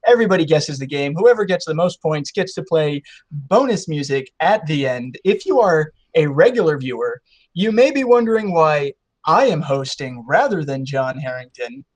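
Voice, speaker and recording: A man's voice: a little high, big pitch swings, moderate pace. A man hosting a casual game show podcast, joking with a playful, mock-grand showman manner.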